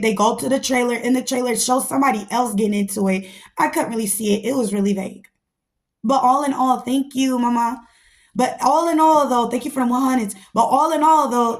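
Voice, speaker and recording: A woman hosting a podcast, giving a blunt, profane, fired-up recap of a reality show and talking to listeners as y'all. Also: high voice. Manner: slangy, addresses listeners as y'all. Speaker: podcast host.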